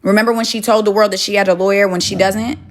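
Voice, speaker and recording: A woman's voice: mid-range voice, fairly even intonation, fast. Woman, young adult, livestream chat, phone mic, home kitchen, blunt, argumentative, swears a lot. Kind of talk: casual livestream chat, answering viewers.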